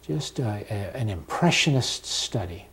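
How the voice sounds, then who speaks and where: A man teaching an oil portrait step by step, talking calmly with pauses while he paints. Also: lowish voice, slightly rough. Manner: slow, unhurried and calm, with pauses while working. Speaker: painting instructor.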